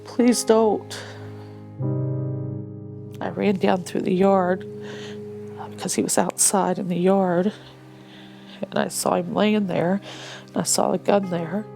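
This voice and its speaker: Gravelly-voiced woman, halting. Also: on the low side, level tone, music in the background. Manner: halting, repeats "he said" and restarts. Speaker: widowed mother interviewed. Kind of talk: recounting a personal story in an interview.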